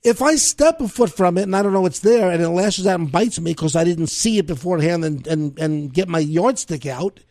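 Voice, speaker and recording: Podcast host guy, high voice, animated and exasperated, dry close mic. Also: brisk, few pauses, no echo. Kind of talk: casual podcast chat.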